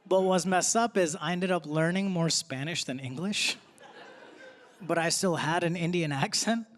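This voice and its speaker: A young male stand-up comedian with a high voice who grew up in Texas performs a set on a theater stage before a live audience in a large hall. His delivery is punchy and conversational at a moderate pace, with asides to the crowd, and audience laughter is heard.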